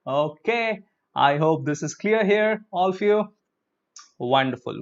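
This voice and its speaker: A man with an Indian English accent teaches English pronunciation live, his voice a little high, creaky and lively in intonation at a measured pace. He breaks each word into syllables, gets the class to repeat after him, and mixes in Hindi like "chalo." The audio is dull and lo-fi.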